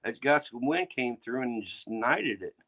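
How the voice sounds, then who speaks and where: A man's voice: mid-range voice, lively intonation, moderate pace, noisy background. A man speaks on a casual livestream in a mid-range voice. His explanations are plain and rambling, padded with filler phrases as he goes.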